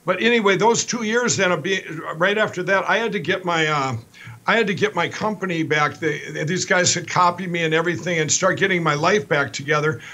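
A middle-aged man from Minnesota, a company founder telling his story as a guest, in a rapid, rambling, animated style with many restarts. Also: high voice.

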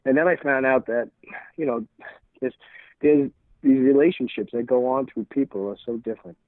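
A man's voice: medium pitch, moderate pace, no echo. New man over a tinny line. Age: 60s. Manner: rambling, restarts phrases, acts out dialogue in anecdotes. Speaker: podcast guest. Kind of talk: casual storytelling interview. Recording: tinny phone-like line, dry.

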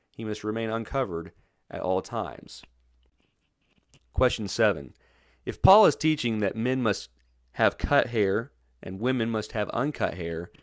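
Low-voiced guy reading a bible study script, steady and methodical, dry close mic. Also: no echo.

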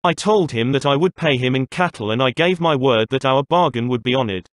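A man voicing a cunning young male chieftain who admits things slowly and calmly. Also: mid-range voice, dry recording, clean studio sound, lightly acted.

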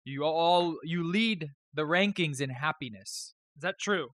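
A man hosts a live stream in loose, joking chat that drifts from topic to topic and includes some swearing. His voice is bright and forceful and sits slightly high. The sound is dry and close, with no room echo. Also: a little slow. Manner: rambling, joking, profane.

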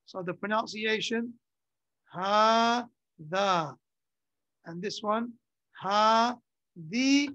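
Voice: medium pitch, a bit bright, no echo, poor audio. A teacher giving a classroom Arabic grammar lesson in English. The teacher repeats key terms and checks understanding with short questions.

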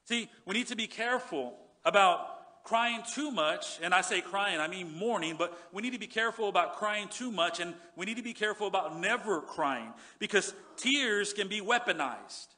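Bright-voiced man preaching a sermon. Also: lively intonation, normal speed, hardly any pauses. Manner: earnest preaching, drops low and soft on scripture, repeats words. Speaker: pastor. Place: church sanctuary.

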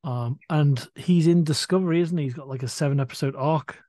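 A middle-aged man co-hosting a podcast, chatting enthusiastically with many halting restarts. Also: a little high, warm tone, no room sound. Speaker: podcast co-host. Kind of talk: casual chat.

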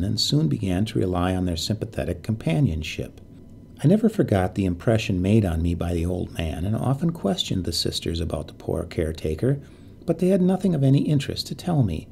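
Gravelly, mellow male story narrator. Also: on the low side, a little hiss or hum.

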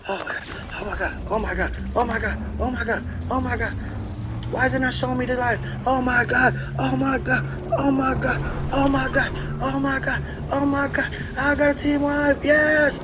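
High, excitable game streamer talking to chat. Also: a little fast, background noise. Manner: excitable, repeats exclamations, talks to chat. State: losing voice from shouting. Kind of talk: excited live-stream gameplay commentary.

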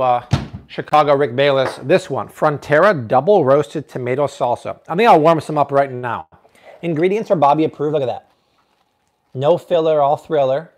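Upbeat man hosting a cooking livestream. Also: on the high side. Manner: upbeat, reads out donations, laughs often. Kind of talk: casual live cooking chat. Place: home kitchen.

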